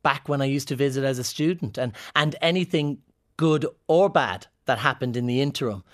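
A man's voice: medium pitch, a little fast, a bit bright. A man with an Irish accent chatting in an interview, telling playful, joking anecdotes as a comedian guest. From Ireland. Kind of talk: casual interview chat.

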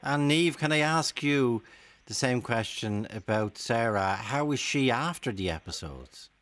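A man hosts a radio interview and presses his guests with follow-up questions. His voice sits in an ordinary middle pitch. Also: animated, unhurried, a bit bright. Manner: probing questions, brief acknowledgements. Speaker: radio host.

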